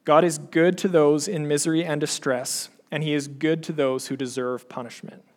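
A man preaching a sermon, asking earnest questions of his listeners and slowing down to read scripture aloud. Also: mid-range voice. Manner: earnest, pleading questions to the congregation.

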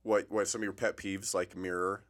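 Relaxed, joking podcast co-host man. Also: deep voice, normal speed. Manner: laid-back, joking, says "bro" and "dude". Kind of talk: casual chat. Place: small office.

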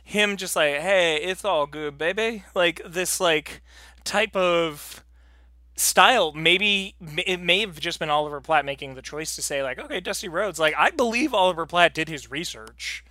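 A man's voice: fairly high pitch, moderate pace, pushed and bright, no echo, clean studio sound. A man co-hosting a podcast in casual, rambling chat, laughing often. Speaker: podcast co-host.

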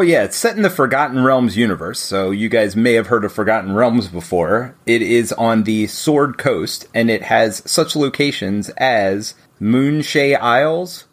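Husky-voiced male podcast host. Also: mid-range voice. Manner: friendly, wry, leads the conversation. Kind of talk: casual podcast chat.

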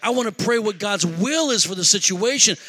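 A man preaching a sermon through a personal story, animated, shouting at the high points and dropping low for asides, in a large hall. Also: a little fast. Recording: echoey hall reverb.

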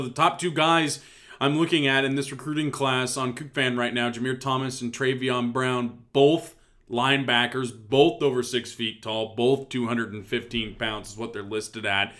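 A man's voice: mid-range voice, bright, forceful tone. A man hosting a casual sports podcast, joking and self-deprecating as he asks questions. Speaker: podcast host.

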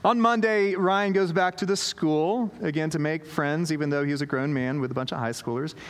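A man's voice: on the high side, brisk. A man preaching a sermon, telling a story with lots of fillers and restarts and acting out the quoted voices. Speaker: pastor. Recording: long hall reverb.

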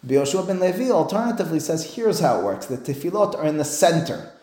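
A man teaching a Talmud class as a rabbi, animated and acting out both sides of a dialogue, peppering his English with Hebrew terms. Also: a little high, quick pace. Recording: roomy echo.

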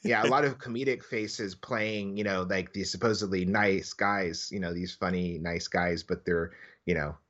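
Very low-voiced man discussing a film. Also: steady tone, normal speed, a bit bright, highs cut off. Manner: thoughtful, hedging with restarts. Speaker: podcast co-host. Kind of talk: casual film review chat.

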